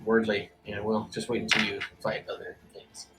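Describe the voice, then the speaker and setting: A man's voice: fairly low pitch, normal speed, low-quality recording. Easygoing male game master, casual, fillers, faint music bed. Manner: casual, relaxed, says "cool" and "um" a lot. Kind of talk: running a tabletop game online.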